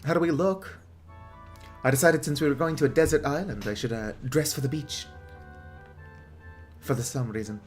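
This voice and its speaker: A man's voice: a little high, normal speed, long pauses, soft background music. A man giving casual gameplay commentary with joking, wry asides. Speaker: gaming video host.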